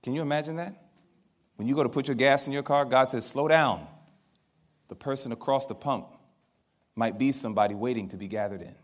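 A male minister preaching a sermon, telling stories with animated delivery and acting out the dialogue. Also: medium pitch, brisk, long pauses.

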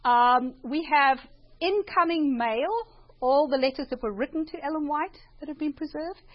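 High-voiced South African woman speaker. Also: normal speed, highs cut off. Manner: chatty, self-deprecating, prays before speaking. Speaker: speaker at a church presentation. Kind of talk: informal talk to an audience.

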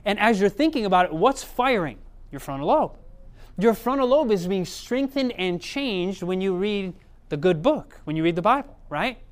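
A man's voice: sits high, expressive, normal speed. A man preaching a sermon in a conversational way, often checking in with the audience.

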